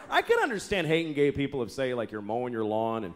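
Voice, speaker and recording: His voice medium-pitched, fast and full of huge pitch swings, a man in his thirties delivers a stand-up set at a comedy club. He tells profane, exasperated stories and impersonates the people in them, with the audience laughing over faint background noise on the live recording.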